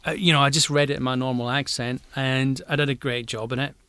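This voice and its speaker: A man's voice: medium pitch, fairly even intonation, fast talker, bright, forceful tone, clear, resonant tone, no room sound. A man with a Scottish accent, an actor co-hosting a podcast, telling stories in an easygoing, reflective way. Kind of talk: casual chat.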